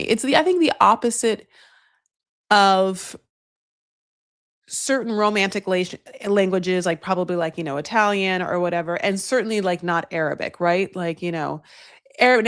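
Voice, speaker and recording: A woman hosting a casual TV recap. She is chatty and animated, with a sarcastic edge, and swears freely. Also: mid-range voice, no echo, clean studio sound. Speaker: host.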